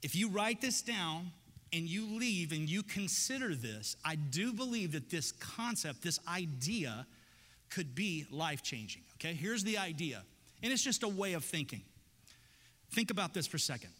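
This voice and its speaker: A man's voice: fairly high pitch, big pitch swings, moderate pace, sharp tone, long reverb tail. A man preaching a sermon as pastor, conversational and joking, building to emphatic repeated lines. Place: church sanctuary.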